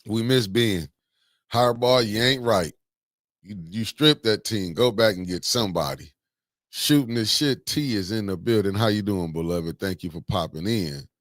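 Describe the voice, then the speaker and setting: Man, very low voice, dry close sound, livestream host, slangy shout-outs. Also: normal speed, no echo. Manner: shouting out viewers, slangy and animated. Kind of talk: casual livestream chat.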